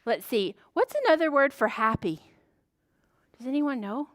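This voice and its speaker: A woman librarian leading a preschool story time, animated and sing-song, gasping in surprise as she talks to small children. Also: a little high, moderate pace, no echo, studio quality.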